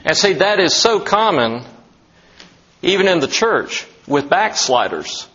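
A man's voice: high voice, big pitch swings, unhurried, a bit bright, muffled recording. A man preaching an expository sermon as a pastor, talking emphatically and asking many rhetorical questions.

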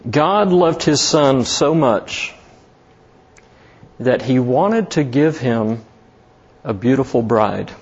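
Slow, husky-voiced male preacher. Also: lively intonation, darkish tone, highs cut off. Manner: slow, emphatic preaching with rising pitch on key words. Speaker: pastor. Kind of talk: sermon.

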